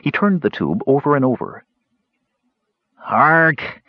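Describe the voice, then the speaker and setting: A man narrating a fantasy audiobook in a dramatic, animated storytelling manner, in a dull lo-fi recording. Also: on the low side, moderate pace, husky, no echo.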